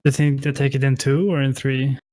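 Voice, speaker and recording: A man's voice: mid-range voice, level tone, brisk, darkish tone, no room sound. A man casting a live online game tournament, hesitant and apologetic, with many fillers and restarts, on a headset mic. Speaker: esports caster. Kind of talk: casual live game commentary.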